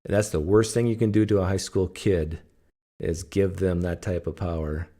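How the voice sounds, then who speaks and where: A man's voice: low voice, steady tone, moderate pace, mellow. A man from Canada hosting a casual livestream, telling stories in a joking, teasing way. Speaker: host.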